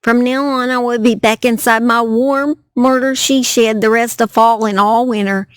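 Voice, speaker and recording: A woman's voice: fairly high pitch, fairly even intonation, moderate pace, no echo. A woman with a Southern US accent telling a true crime story by a campfire outdoors at night, chatty and self-deprecating. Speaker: true crime channel host. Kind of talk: casual storytelling to camera.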